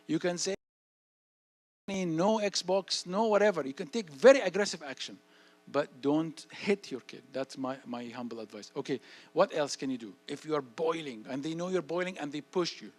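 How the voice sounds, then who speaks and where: Animated male speaker. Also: fairly high pitch, a little fast. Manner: animated, acts out dialogue, repeats phrases. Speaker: guest speaker. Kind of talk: parenting talk answering audience questions. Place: church hall.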